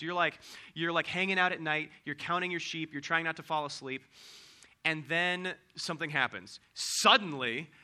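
A man's voice: on the high side, sharp tone. A man giving a casual youth sermon, chatty, with many fillers and tag questions.

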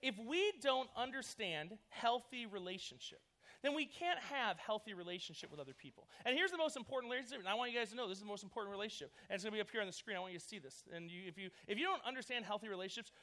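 His voice sits high and races along as he preaches informally to youth. The youth pastor is lively and talkative, telling stories full of fillers.

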